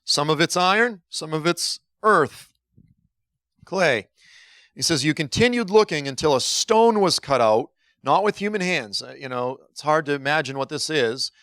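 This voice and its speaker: A man's voice: fairly high pitch, normal speed, no room sound. Man preaching a chatty, dry-miked sermon. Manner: animated storytelling, acts out dialogue, laughs at himself. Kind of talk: conversational sermon with anecdotes.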